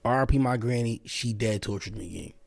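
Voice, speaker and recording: A man's voice: medium pitch, brisk, creaky, dry recording. A man hosting a reaction stream, joking in a slangy, casual way and talking to his chat. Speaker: streamer host.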